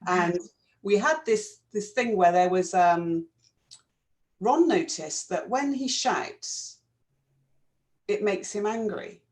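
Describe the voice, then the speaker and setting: A woman's voice: medium pitch, takes it slowly, pauses often. A woman co-hosting, talking in a thoughtful, explanatory way during a casual chat. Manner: thoughtful, explaining, gentle fillers. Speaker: co-host.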